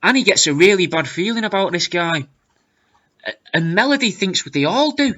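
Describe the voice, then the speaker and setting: A man reading out comments with wry, deadpan asides in a casual commentary. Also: sits high, normal speed, muffled recording. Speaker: video creator reading comments.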